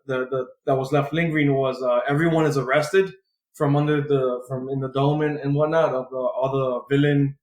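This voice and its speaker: A male podcast co-host with a mid-range, darkish voice and a steady tone talks at a moderate pace. He casually recaps a comic, rambling, heavy on filler, and freely profane, in a roomy room that echoes.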